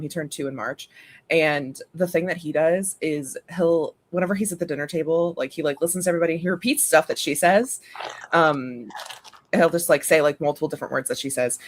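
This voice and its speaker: A woman chatting casually as co-host, telling animated stories and laughing often. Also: low-pitched. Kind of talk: casual chat.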